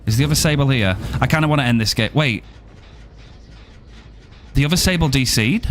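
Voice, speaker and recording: A man's voice: mid-range voice, animated, a little fast, slight background noise. A young man streaming a game, joking around and swearing casually as he plays. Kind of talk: live gameplay commentary.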